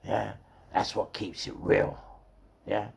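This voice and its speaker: A middle-aged man with a London accent telling rough stories casually, swearing heavily and repeating words for emphasis. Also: fairly low pitch, little pitch movement, slow pace. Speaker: storyteller. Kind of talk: casual storytelling.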